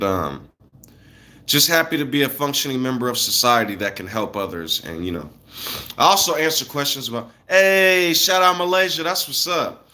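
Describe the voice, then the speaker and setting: With a lowish voice and a sharp edge, this American man in his thirties delivers a casual rant to his viewers. His talk is slangy, loose and blunt.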